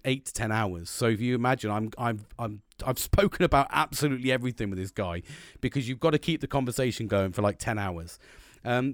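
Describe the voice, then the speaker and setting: A man's voice: fairly low pitch, dry recording, clean studio sound. A man giving a casual motivational talk, rambling and earnest, with a lot of swearing.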